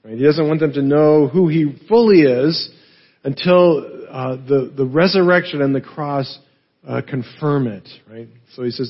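A man's voice: a little high, a little slow, dull audio. A man preaching a teaching sermon, explaining as he goes with frequent "right?" and filler words. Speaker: pastor.

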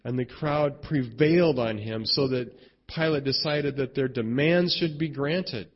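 Husky-voiced man preaching conversationally. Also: mid-range voice, measured pace, muffled recording. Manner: conversational preaching with frequent rhetorical "right?" and restarts. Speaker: pastor. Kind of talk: sermon.

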